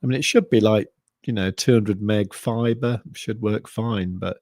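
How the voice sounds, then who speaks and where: A man's voice: lowish voice, normal speed, darkish tone, dry recording, clean studio sound. An English man from the Midlands with a mixed southern accent, rambling casually through viewer comments as a livestream host, with lots of fillers. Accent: English, mixed Midlands and southern English with some years in France. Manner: rambling, many fillers and restarts.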